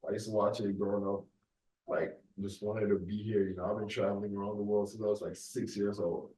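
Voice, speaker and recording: A man's voice: on the low side, level tone, a little fast, dark tone, echoey room, far from the mic, a little hiss or hum, rough recording. A young Nigerian man who speaks with a mostly American accent and a light Nigerian lilt, hosting a casual solo podcast and rambling loosely with lots of "you know" and "like". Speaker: podcast host.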